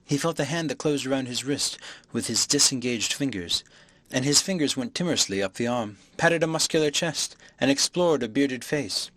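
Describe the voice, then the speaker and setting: A man reads a classic novel aloud in a measured, expressive way, his voice in the middle range. The recording is dry and close, with no room sound. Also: medium pitch, no echo. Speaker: audiobook narrator. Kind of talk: scripted audiobook narration.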